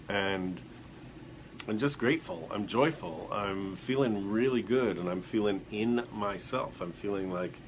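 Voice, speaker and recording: A man's voice: fairly low pitch, a little hiss or hum. A man hosting a casual motivational live stream who reflects aloud and keeps putting questions to the viewers. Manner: greets viewers by name as they join.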